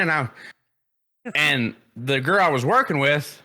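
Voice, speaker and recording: Bright-voiced man telling a story. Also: fairly high pitch, unhurried. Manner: profane, animated storyteller. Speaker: podcast co-host. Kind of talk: casual storytelling chat.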